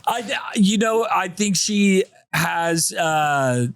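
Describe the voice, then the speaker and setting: A man co-hosting a casual podcast, telling stories with animated energy and acting out other people's voices. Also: high-pitched, drawn-out words, smooth, no echo. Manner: animated storyteller, acts out voices. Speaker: podcast co-host. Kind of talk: casual chat.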